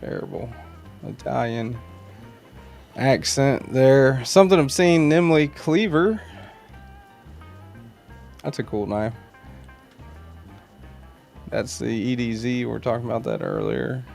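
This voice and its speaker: Slow and gravelly with long pauses, this man's medium-pitched, darkish voice carries a relaxed knife channel livestream. He rambles, reads viewer comments and greets viewers by name while faint music plays behind him.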